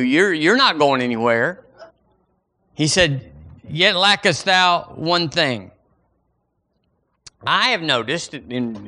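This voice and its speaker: A man's voice: on the high side, pushed and bright. A male pastor preaching a folksy, emphatic sermon, acting out imagined prayers to the Lord.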